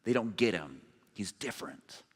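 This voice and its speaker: A man's voice: fairly low pitch, lively intonation, moderate pace, slightly rough. A man preaching a sermon as pastor, in a conversational, informal way with asides. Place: church sanctuary. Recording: long reverb of a large hall.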